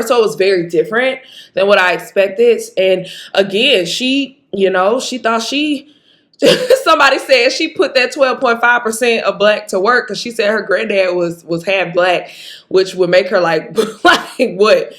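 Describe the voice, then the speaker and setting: A woman from Mississippi with a Mississippi accent, chatting casually and emphatically as she reviews a movie. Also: medium pitch. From Jackson, Mississippi. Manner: chatty, animated, emphatic, laughs often. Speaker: vlogger.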